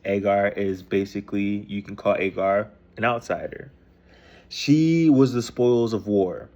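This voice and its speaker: A man's voice: fairly low pitch, a little slow, darkish tone, lo-fi sound. A man casually retelling a scripture story in loose, profane slang, reading passages aloud and then paraphrasing them. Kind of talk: casual rambling explanation.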